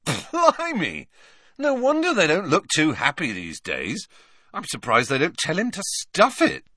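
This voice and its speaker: A man's voice: a little high, huge pitch swings, a little slow, bright, forceful tone, slightly rough, no echo, voice pushed up, exaggerated voice. A blunt, easygoing teenage boy wizard from a storybook, nudged only a bit above the reader's own voice as a man reads him. He speaks plainly and casually, in a dry, close sound. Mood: joking.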